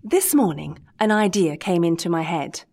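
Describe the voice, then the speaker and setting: A woman voicing a lively, quick-tempered little old man, a puppet maker who bursts into rage. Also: on the low side. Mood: eager.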